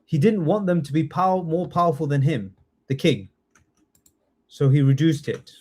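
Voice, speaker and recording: A man's voice: on the high side, normal speed, darkish tone. A man teaching a live online citizenship test class, quizzing students and checking in often with "yeah?". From United Kingdom. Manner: encouraging, chatty, frequent "yeah?" check-ins.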